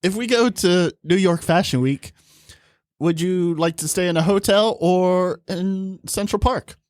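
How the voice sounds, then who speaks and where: A man's voice: high-pitched, a little slow, a little mellow, no echo, studio quality. A man improvising an awkward speed-dater with hesitant questions. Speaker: comedian playing dater. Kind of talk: improv comedy.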